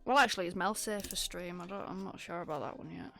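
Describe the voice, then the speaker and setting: A woman's voice: lowish voice, quick pace, vocal fry, pushed and bright, faint music behind. A woman with a Northern English accent, chatting casually and teasing on a livestream while building a keyboard, laughing often.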